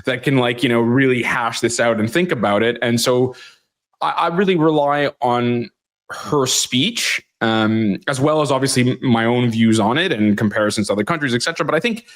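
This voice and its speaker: A male interview guest who talks in a loose, rambling way, hesitating and restarting often. He is frank and blunt and drops the odd swear word. His voice sits at an ordinary middle pitch for a man. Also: fairly bright tone. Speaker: guest commentator. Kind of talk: conversational interview.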